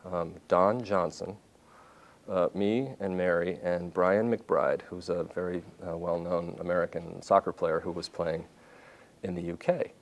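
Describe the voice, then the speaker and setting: A man in his fifties, a journalist giving a talk at a university, telling anecdotes in an animated way and often restarting his sentences. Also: low voice, unhurried. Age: 50s. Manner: animated storytelling with restarts and self-corrections. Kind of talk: lecture with anecdotes. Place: university lecture hall.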